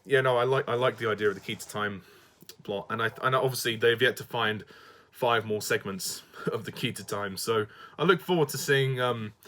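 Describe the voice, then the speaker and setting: A man's voice: mid-range voice, normal speed, fairly bright tone, a little hiss or hum. A man with a Southern English accent giving a casual spoken review, hesitant, often restarting sentences and laughing between them.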